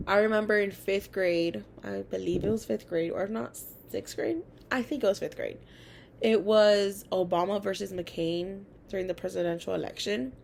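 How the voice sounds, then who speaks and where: A woman's voice: medium pitch, creaky, a little hiss or hum. A young adult woman and college student telling personal school stories in a chatty way, full of fillers. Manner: chatty, many fillers, animated quoting of others. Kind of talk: casual personal storytelling.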